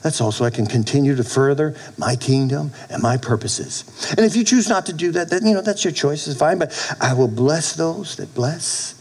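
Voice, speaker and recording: A man in his fifties preaching a sermon as a pastor, animated, with frequent restarts and sudden soft drops in his voice. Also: fairly high pitch, normal speed, husky.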